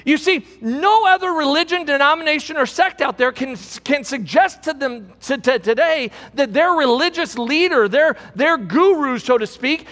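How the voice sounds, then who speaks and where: High-voiced pastor preaching in a hall. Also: male voice, pushed and bright. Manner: emphatic preaching with repeated rhetorical questions. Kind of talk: sermon.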